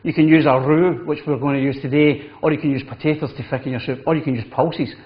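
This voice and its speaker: A man's voice: on the high side, fairly even intonation, fast talker. A man, a chef walking through a cooking demonstration in a chatty, instructive way. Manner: chatty, instructive, says "wee" often. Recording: dull lo-fi TV audio.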